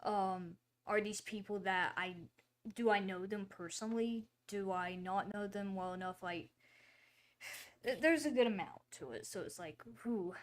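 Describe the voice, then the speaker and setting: A woman chats casually as she hosts her own livestream, wandering from thought to thought. Her talk is full of fillers and quick apologies, and her voice sits at an ordinary, middle pitch. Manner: rambling, chatty, with many fillers and apologies. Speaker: livestream host.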